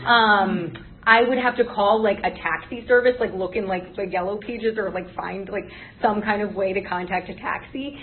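A woman's voice: mid-range voice, moderate pace. A young adult woman sharing her story at a recovery meeting, rambling with many "like" and "um" fillers. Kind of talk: personal testimony at a meeting. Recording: tinny phone-like recording.

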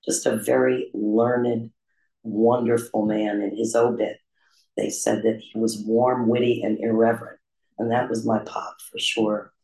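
A man candidly telling his own recovery story in a confessional, self-deprecating way, with frequent pauses and "um" fillers. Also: fairly low pitch, flat delivery, creaky, a little mellow. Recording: roomy echo.

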